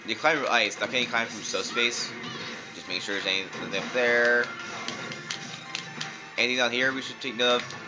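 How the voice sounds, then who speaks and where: A man's voice: medium pitch, normal speed, long pauses. A man giving casual, jokey let's-play commentary, talking back to the game characters as he plays. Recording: dull lo-fi sound with loud game music.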